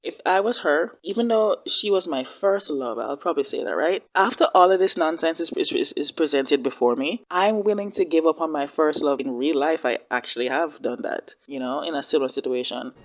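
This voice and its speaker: A woman giving casual reaction commentary on a TV drama, expressive and slangy, talking back at the screen. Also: low-pitched, fairly quick, hardly any pauses. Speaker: reaction video host.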